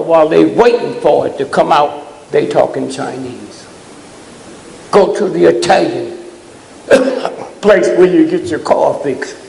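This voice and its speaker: A man giving a fiery, preaching-style talk to a live audience, blunt and scolding, often pausing to ask the crowd "huh?". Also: a little high, gravelly, a little mellow. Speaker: speaker addressing a live audience. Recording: echoey hall with long reverb.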